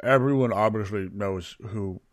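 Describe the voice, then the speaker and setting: A man narrating as game master of a tabletop game, with dry deadpan asides. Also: lowish voice, normal speed, no echo.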